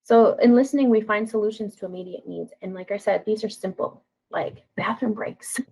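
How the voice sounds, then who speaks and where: A woman's voice: medium pitch, a little fast, creaky, warm tone, breathy edge. A woman counselor giving a conversational training talk, often checking in with "right?" and acting out sample lines. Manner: conversational, frequent tag questions, acts out example lines. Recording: dull lo-fi sound.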